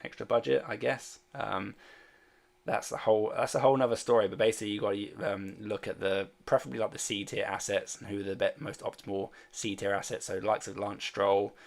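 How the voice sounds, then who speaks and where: A man's voice: fairly low pitch, steady tone, a little fast, creaky. A man casually chatting on a livestream, rambling and hesitant with many fillers as he answers viewer questions. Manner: reads and answers viewer chat. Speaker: fantasy sports streamer.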